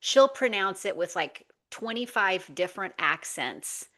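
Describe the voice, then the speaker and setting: A woman's voice: medium pitch, lively intonation, unhurried, a bit bright. A woman hosting an interview, asking questions and responding with enthusiasm and affirmation. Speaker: podcast host, interviewer.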